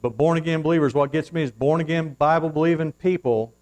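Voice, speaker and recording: A male pastor preaching a sermon from the pulpit, swinging from hushed asides to loud, fervent surges and reading scripture in formal old-fashioned wording. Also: on the high side, fairly quick, few pauses, low-quality recording. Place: church, at the pulpit.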